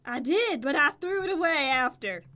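A woman chats and giggles through a gameplay session with a playful manner. Her voice sits very high and bright, and she speaks slowly. A faint hiss of noise runs behind her. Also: animated. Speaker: gaming video co-host. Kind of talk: casual gameplay chat.

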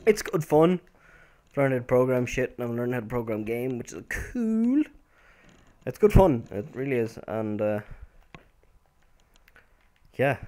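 A young man talks loosely through a football video game as he plays, wandering off on tangents with plenty of fillers and restarts. He breaks into sudden excited shouts when a shot goes in. His pitch sits in an ordinary middle range for a man. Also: moderate pace, long pauses. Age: young adult. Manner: rambling, with sudden excited outbursts. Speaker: gameplay commentator. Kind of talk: casual gameplay commentary.

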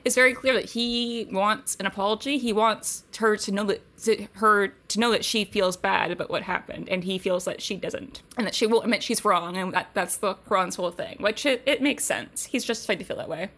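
A woman co-hosting a podcast in casual chat, relaxed and meandering, saying "like" a lot. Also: mid-range voice, brisk, few pauses. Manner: relaxed, meandering, many likes. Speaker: podcast co-host.

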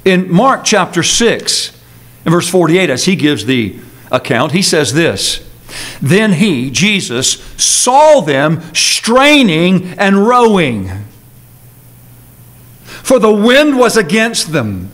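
A man preaching an earnest, emphatic sermon with dramatic pauses, as pastor in a church sanctuary. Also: high voice, very animated, fairly bright tone.

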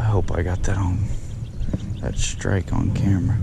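A low-voiced man talks slowly through his fishing outing at a pond, casual and quick to exclaim when a fish bites. Loud outdoor water noise runs under everything he says. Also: creaky. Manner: excitable, exclaims loudly at big catches. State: out of breath. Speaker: fishing vlogger.

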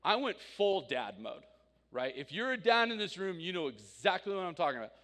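A man in his thirties preaching a sermon, telling personal stories with animated swings from loud to quiet. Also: sits high, a little fast. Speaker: pastor. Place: church sanctuary. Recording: reverberant church hall.

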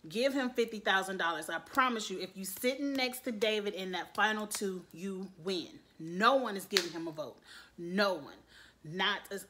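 A woman's voice: mid-range voice, pushed and bright. A woman giving a blunt, sassy and profane recap rant about a reality show, swearing freely and laughing between points.

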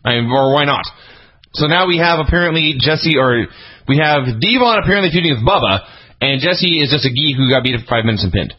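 Quick, dry-witted man with a husky voice. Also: fairly high pitch, expressive. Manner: dry, sarcastic asides. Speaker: podcast co-host reviewing wrestling TV. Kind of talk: casual comedic review chat. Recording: dull lo-fi podcast audio.

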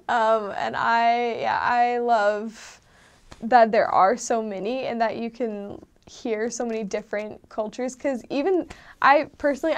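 A woman in a casual, meandering chat who explains things with many ums and loose asides. She is an outsider to the country she describes. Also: on the high side. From not from Norway. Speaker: vlogger explaining dialects.

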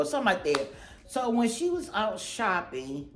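A woman's voice: medium pitch, sing-song, moderate pace, a little hiss or hum. Chatty goofy woman vlogger in an echoey room. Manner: chatty, goofy, rambling, slangy. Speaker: channel host. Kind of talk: casual haul chat to camera.

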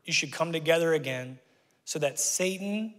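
A man in his forties preaching a sermon as a pastor, animated and conversational, with frequent asides to his congregation. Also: fairly high pitch, moderate pace. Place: church sanctuary. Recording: long church hall reverb.

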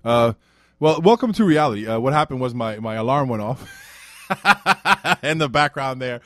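A man's voice: mid-range voice, expressive, normal speed, no echo, studio quality. A man from Brooklyn with a Brooklyn New York accent, hosting his podcast in a casual, rambling monologue that swears freely and keeps trailing off. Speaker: podcast host.

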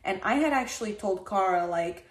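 A woman streamer telling a story in a casual, animated way, swearing often and acting out how she reacted back then. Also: mid-range voice, moderate pace. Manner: animated, swears often, acts out her own past reactions.

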